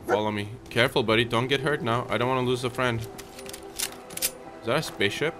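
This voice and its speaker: A man hosting a gaming channel, chatting through a let's play, talking to viewers and soothing his in-game dog, and shouting when startled. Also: medium pitch, normal speed. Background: game music.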